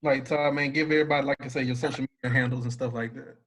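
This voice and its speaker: A man's voice: mid-range voice, fairly even intonation, racing, fairly bright tone. A man hosting a podcast, easygoing in casual banter and steering the talk.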